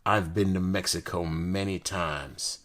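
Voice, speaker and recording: A young man from the United States chatting casually and excitedly while opening and reviewing card decks, full of slang and jokes. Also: low voice, unhurried. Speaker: card collector host. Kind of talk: casual unboxing chat.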